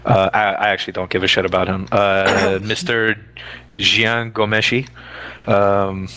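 A man's voice: sits low, flat delivery, moderate pace, a bit bright. A man co-hosting a podcast, chatting loosely and hedging his points, with casual swearing. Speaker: podcast co-host. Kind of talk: casual chat.

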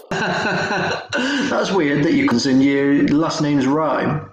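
A man's voice: fairly high pitch, lively intonation, extremely slow. A man co-hosting a podcast, teasing and laughing often in a casual chat. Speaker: podcast co-host. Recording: echoey room, faint noise.

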